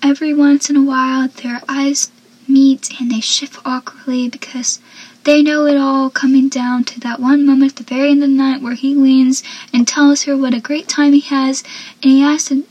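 High-voiced chatty young woman recapping. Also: normal speed, no room sound, low-quality recording. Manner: chatty, laughs often, animated asides. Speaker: vlogger recapping a TV episode. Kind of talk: casual recap commentary.

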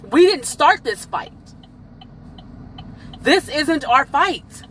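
A woman's voice: high-pitched, pushed and bright, a little hiss or hum, poor audio. A woman hosting a podcast, giving her opinions in a blunt, emphatic, profane way. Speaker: podcast host. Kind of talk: casual opinion monologue.

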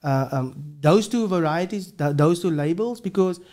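A man's voice: a little high, lively intonation, moderate pace, a little mellow. Earnest man explaining. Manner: earnest, explanatory, with frequent restarts and repeated words. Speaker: linguistics professor, podcast guest. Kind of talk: casual interview talk.

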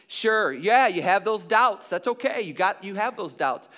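A man's voice: high voice, normal speed, hardly any pauses, sharp tone. A male pastor giving a sermon in a conversational way, full of restarts and asides, in church.

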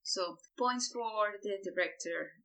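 Bright-voiced woman in casual film chat. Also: mid-range voice, slow, poor audio. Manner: chatty, laughs often. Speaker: film podcast co-host.

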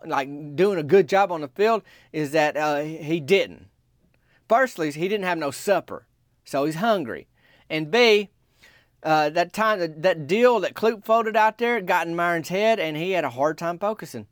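A man telling a comic story in a rambling, deadpan, folksy way. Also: fairly high pitch, moderate pace, dry recording, clean studio sound.

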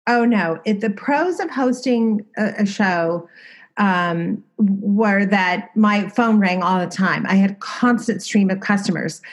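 A woman's voice: medium pitch, slow. A middle-aged woman, a designer and former TV host, telling stories in a casual interview in a candid, self-deprecating way.

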